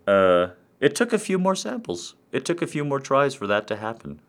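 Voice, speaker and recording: Animated, crude comic rambler, a man. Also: mid-range voice, moderate pace, few pauses. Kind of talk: crude comic monologue to a live online audience.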